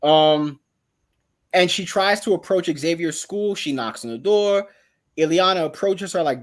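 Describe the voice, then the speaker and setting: A young man chatting casually about comic books on a podcast, animated and acting out characters' lines as he tells the story. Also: a little high, measured pace. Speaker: podcast co-host. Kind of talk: casual comic book chat.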